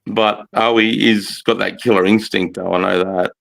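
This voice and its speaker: A man's voice: lowish voice, steady tone, moderate pace, gravelly, fairly bright tone, rough recording. A man, telling a rambling story in casual livestream chat, swearing often and saying mate and bro.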